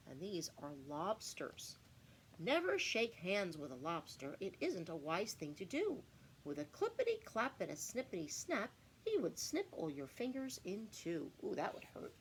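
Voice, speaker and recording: A woman teacher reading a picture book aloud to children, with animated singsong storytelling. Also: mid-range voice, measured pace, slight background noise, rough recording.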